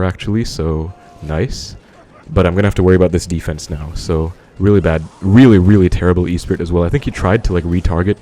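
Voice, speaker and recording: A man's voice: deep voice, mellow, slight background noise. A man giving casual live commentary on his own game, thinking aloud and talking to viewers as he plays. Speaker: gaming commentator.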